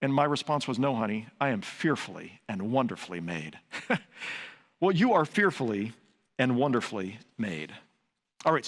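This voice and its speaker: Older pastor preaching in a big sanctuary. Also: male voice, mid-range voice, fairly bright tone. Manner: earnest, conversational preaching with storytelling asides. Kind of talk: sermon. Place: large church sanctuary. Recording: long reverb of a large sanctuary.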